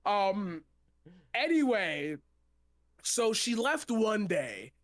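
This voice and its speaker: A man's voice: high-pitched, sing-song, extremely slow, no echo, clean studio sound. A young man, a poet guest on a stream, casually telling a rambling personal story, laughing and swearing freely.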